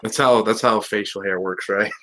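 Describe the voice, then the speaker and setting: A man's voice: fairly low pitch, steady tone, normal speed, bright, forceful tone, poor audio. A young man on a casual review podcast, ranting animatedly and swearing as he goes. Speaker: podcast co-host reviewing a cartoon episode. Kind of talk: casual chat.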